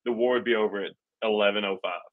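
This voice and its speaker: A man's voice: on the low side, fast talker, phone-quality sound. A man in casual chat, joking and swearing, telling his points with exaggerated mock quotes. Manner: joking, profane, animated storytelling with mock quotes.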